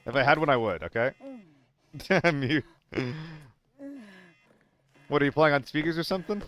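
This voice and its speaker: A young man streams a shooter game solo, chatting and swearing casually with his viewers, bantering and jumping between topics as he plays. His voice is a little high and a bit bright, with lively intonation at a moderate pace.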